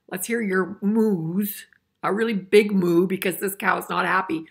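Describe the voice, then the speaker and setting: A woman's voice: on the low side, unhurried, creaky, husky. An older woman reading a picture book aloud to children, playful and chuckling, asking her listeners questions as she goes. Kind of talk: interactive read-aloud for children.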